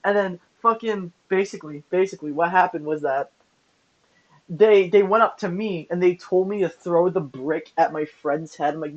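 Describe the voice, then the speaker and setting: A man with a notably high-pitched voice, rattling off a story for a casual podcast. He is excitable and profane. His recording sounds muffled and lo-fi. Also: moderate pace. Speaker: podcast co-host. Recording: muffled lo-fi audio.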